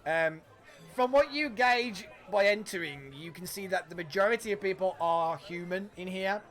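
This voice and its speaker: A man narrates a tabletop game as game master, casual and a little halting. His voice sits high and sounds bright. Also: expressive, faint music behind.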